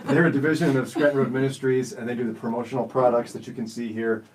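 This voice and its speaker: A man's voice: mid-range voice, flat delivery, fast, darkish tone, far from the mic, poor audio. A man in his forties hosting a radio show, telling stories in a jokey, self-teasing way. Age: 40s. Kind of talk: casual studio chat. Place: radio studio.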